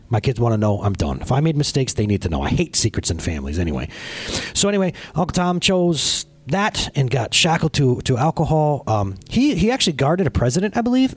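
A pastor in his thirties preaches a conversational sermon, animatedly telling a personal story and speaking directly to his congregation. His voice is mid-range and husky.

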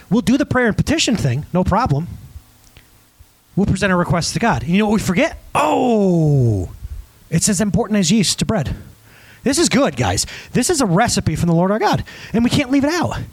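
A man's voice: high-pitched, big pitch swings, moderate pace, slightly rough, no echo, rough recording. A male pastor preaching a conversational sermon, emphatic, often asking the congregation questions.

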